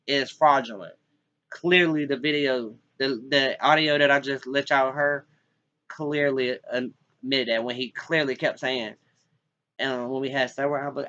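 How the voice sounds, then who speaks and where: In a dull lo-fi clip, a vlogger from North Carolina makes a personal appeal directly to the camera. This young man's mid-range voice sounds pushed and bright, and his pleading wanders as he keeps starting sentences over.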